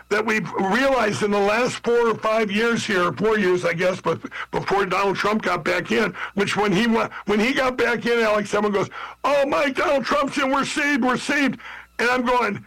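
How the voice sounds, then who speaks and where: A man's voice: high voice, a bit bright, low-quality recording. A man from Minnesota talking as a political candidate in an interview, rambling with frequent restarts and often calling out to everybody listening. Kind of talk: interview talk.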